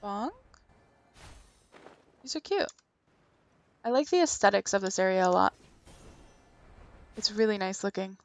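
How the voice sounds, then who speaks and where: A woman's voice: medium pitch, animated, unhurried, pauses often. A woman streamer giving casual, playful commentary while playing a video game, with wry asides.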